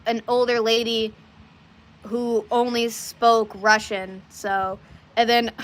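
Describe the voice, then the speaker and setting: A woman's voice: fairly high pitch, level tone, slow. A woman chatting casually to her live audience, rambling through stories with frequent restarts and asides. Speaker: livestreamer.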